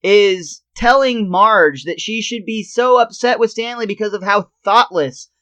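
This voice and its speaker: A man's voice: sits high, measured pace, bright, forceful tone. A man co-hosting a podcast, retelling a cartoon episode scene by scene in casual chat and laughing often. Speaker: podcast co-host.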